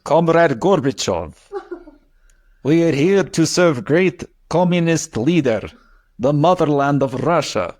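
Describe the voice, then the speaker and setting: A man's voice: a little high, animated, darkish tone, voice pushed up. A man putting on a grandiose Soviet comrade. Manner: grandiose, slow declaiming. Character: pompous Soviet comrade man, thick Russian accent.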